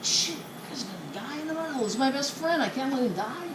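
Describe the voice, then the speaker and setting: A woman's voice: high voice, fast talker, pitched above the performer's own voice, natural voice. A woman voicing a loyal chicken, talking urgently and with determination. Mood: determined. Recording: echoey room with background noise.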